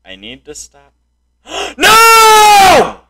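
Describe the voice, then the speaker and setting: A young man yelling and grumbling at a game he can't beat. His voice sits high and bright and swings wildly, from low muttering up to sudden shouts. Between the outbursts he talks at an unhurried pace. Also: big pitch swings. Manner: frustrated, yelling and insulting the game. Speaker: gameplay streamer. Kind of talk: raging gameplay commentary.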